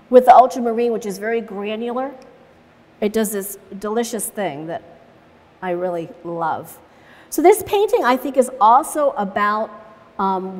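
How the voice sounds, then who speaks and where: A woman's voice: a little high, a little mellow. A woman teaching watercolor in a live demonstration, chatting through each step as she paints and laughing easily as she tells stories. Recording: long reverb in a large room.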